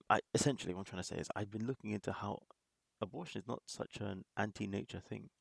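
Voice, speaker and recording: A man's voice: deep voice, creaky, husky, no room sound. A man hosting a reaction video, talking in casual commentary that rambles with restarts and small laughs.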